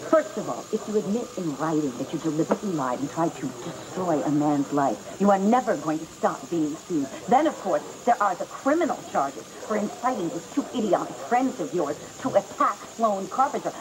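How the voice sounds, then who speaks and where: A woman's voice: lowish voice, lively intonation, normal speed, hardly any pauses, background noise, close to an everyday voice. An actress playing a cold, scheming rich woman who talks down to others with cutting condescension, in TV soap opera style. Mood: menacing. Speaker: scheming villainess. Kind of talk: 1990s TV soap opera acting. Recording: TV audio with music underneath.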